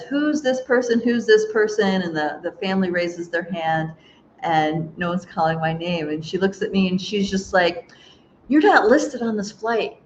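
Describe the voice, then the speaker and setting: A woman hosting a live spiritual chat, reading viewer comments aloud and rambling through a story with frequent laughs and restarts. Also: low-pitched. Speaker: host. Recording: dull lo-fi sound with faint hiss.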